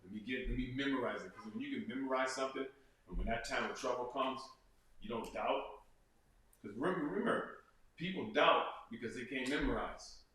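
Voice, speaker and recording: A man's voice: medium pitch, fairly quick, sharp tone. A man earnestly talking as an interview guest, repeating phrases and acting out quotes. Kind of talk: casual interview talk. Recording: echoey room from far off.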